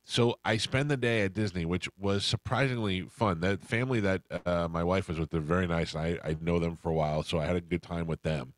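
A man's voice: low voice, fairly even intonation, brisk, few pauses, no room sound. A middle-aged man hosting a radio show, telling rambling anecdotes and acting out the people in them. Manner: rambling anecdotes, acts out quoted voices. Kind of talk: casual storytelling chat.

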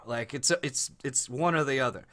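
Animated, bright-voiced man. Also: mid-range voice, normal speed. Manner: laughs a lot, animated. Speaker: podcast co-host. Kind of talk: casual chat.

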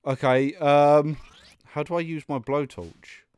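A man's voice: on the high side, steady tone, slow pace, darkish tone, smooth, no echo. A young man commentating his own gameplay, muttering and getting exasperated, with sudden outbursts and laughs. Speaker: gaming YouTuber. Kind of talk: let's play commentary.

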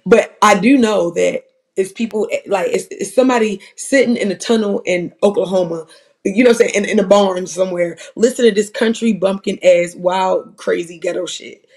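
A gravelly, raspy-edged voice, sitting in the middle of the pitch range. This commentator rambles through profane, animated stories in a loose, casual flow that keeps circling back on itself. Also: moderate pace. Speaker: livestream commentator.

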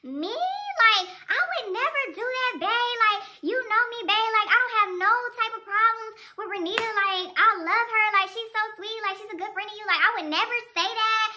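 A woman mimicking a young woman who sugarily and defensively denies everything in a high whine. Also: bright, forceful tone, full character voice. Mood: innocent whining. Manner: sugary, defensive, fast whining.

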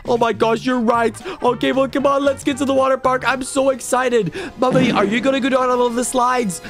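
A woman doing an excitable little girl, high. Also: fairly quick, soft background music. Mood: excited. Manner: squealing, gasping, talks to viewers. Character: excitable young girl, the baby. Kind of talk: roleplay game voiceover.

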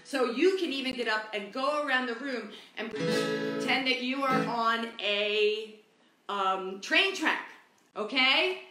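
A woman's voice: on the high side, lively intonation, takes it slowly. A woman teaching a livestreamed kids' music class, cheerful and encouraging. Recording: roomy echo, loud guitar.

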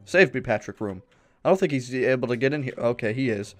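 A man's voice: medium pitch, fast talker. A man talking casually through a horror maze game, rambling and jumpy, yelping when startled. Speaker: gaming YouTuber. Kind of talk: let's-play commentary.

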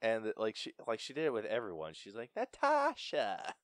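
Animated young man reviewing a film. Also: on the low side, quick pace, clear, resonant tone, no echo. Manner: animated, stumbles and laughs often. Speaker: podcast co-host. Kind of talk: casual film review chat.

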